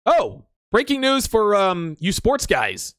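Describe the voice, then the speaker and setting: A fairly high-voiced man hosts a livestream in a crude, profane, blunt manner. He reads viewer comments aloud and shoots back his reactions. His voice is dry and close, with no room sound. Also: wildly swooping pitch, slow, a bit bright, dry recording. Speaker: podcast host. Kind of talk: casual livestream chat.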